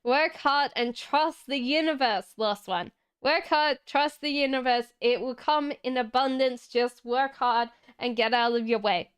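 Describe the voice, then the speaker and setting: A woman with a strikingly smooth, slightly high voice reads tarot cards on a casual live stream. She talks slowly and chattily, reassuring viewers and answering them straight from the chat. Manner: chatty and reassuring, laughs often. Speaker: tarot reader.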